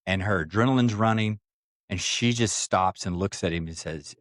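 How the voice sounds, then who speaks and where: A man's voice: sits low, steady tone, normal speed, fairly bright tone, dry recording, studio quality. A man co-hosting a podcast, telling a story in casual chat and acting out the people in it, then taking a firm stance. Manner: acts out quoted voices, takes firm stances. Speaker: podcast co-host.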